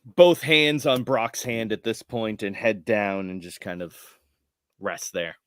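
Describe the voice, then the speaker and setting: A man running a tabletop game as game master, relaxed and laughing often. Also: lowish voice, takes it slowly, smooth, no room sound, clean studio sound.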